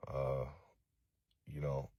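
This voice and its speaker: A distraught man from Los Angeles making a halting, profane, remorseful apology video, full of fillers. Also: very deep voice, monotone, no room sound, dull audio. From East Los Angeles.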